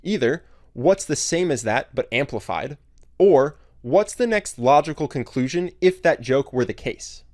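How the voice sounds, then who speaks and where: A man giving scripted narration, clear and explanatory. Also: mid-range voice, expressive, measured pace, darkish tone, no room sound, clean studio sound.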